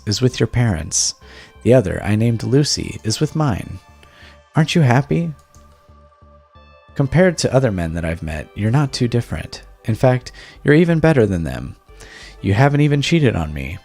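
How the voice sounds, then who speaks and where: A man's voice: on the low side, darkish tone, breathy edge. Man reading as a doting, possessive wife. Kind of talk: reading a text game aloud.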